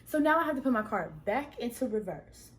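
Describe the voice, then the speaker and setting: A young woman vlogger recounts a story to her viewers with animated, dramatic flair, full of exclamations. Her voice sits a little high. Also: fairly quick. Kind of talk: storytime narration to camera.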